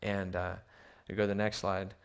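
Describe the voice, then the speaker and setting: A man's voice: low-pitched, flat delivery, moderate pace, clean tone. A man preaching a sermon in a church with slides. He often repeats words as he restarts and asks the audience rhetorical questions. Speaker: missionary preacher.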